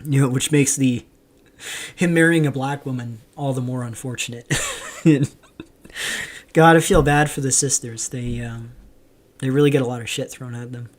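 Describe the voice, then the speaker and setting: A Canadian man hosts a livestream, reading viewer chat aloud and answering it in casual commentary. His voice is medium-pitched at normal speed, broken by long pauses, and he rambles with lots of ums.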